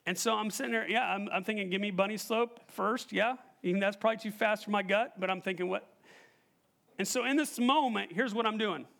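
A man preaching a sermon, telling a personal story in an animated way and quizzing the congregation. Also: sits high, vocal fry. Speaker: pastor.

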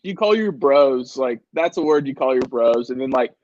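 A young man co-hosting a podcast, talking in a relaxed, hesitant way in casual chat. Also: medium pitch, moderate pace, no echo. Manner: relaxed, hesitant, bro talk. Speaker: podcast co-host. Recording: dry, dull lo-fi sound.

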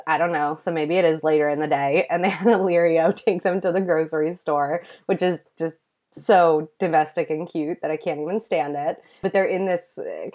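A woman's voice: sits low, darkish tone. Gushing woman recapping a TV series. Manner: gushing, enthusiastic, lots of "like". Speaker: podcast co-host recapping a show. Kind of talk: casual chat.

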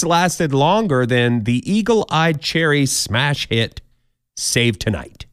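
Lively wry male podcast host. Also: mid-range voice, slow, clean tone, dry recording, studio quality. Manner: jokey, wry asides, mock quoted voices. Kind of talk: countdown news banter.

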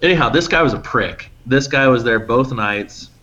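A man co-hosting a podcast, telling stories in a casual, animated way and acting out what people said. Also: moderate pace, a little hiss or hum. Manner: animated, acts out quotes with big pitch jumps. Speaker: podcast co-host. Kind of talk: casual storytelling chat. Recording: slightly muffled lo-fi audio.

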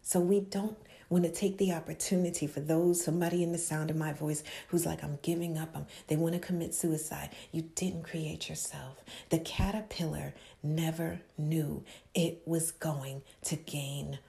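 A woman preaching an inspirational sermon as an author, intimate and impassioned, often dropping into a hushed whisper and building with repeated exhortations. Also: deep voice, steady tone, moderate pace, creaky, few pauses.

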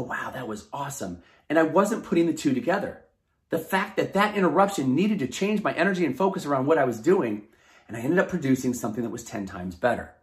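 A man hosts his own motivational podcast at a rapid clip, his voice sitting a little high for a man. He talks in an energetic, casual, slightly preachy way, recorded at home in a bedroom. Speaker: podcast host. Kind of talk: motivational talk.

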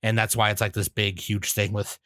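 A man's voice: fairly low pitch, flat delivery, fairly quick, a bit bright, no echo. A man co-hosting a podcast, rambling casually and laughing often. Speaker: podcast co-host. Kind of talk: casual chat. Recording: dry.

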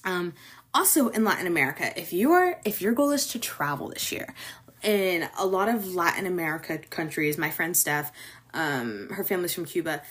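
A young woman with a slightly low voice chats casually as a host. She rambles easily, with fillers and little laughs along the way. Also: lively intonation, normal speed, a bit bright, husky. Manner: chatty and loose, with many fillers and small laughs. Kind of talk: casual chat about New Year's traditions.

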